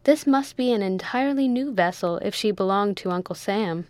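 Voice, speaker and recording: Woman doing a respectful young ship's mate, measured, dry close sound. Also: medium pitch, expressive, clean tone, no echo, close to an everyday voice. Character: polite young male first mate.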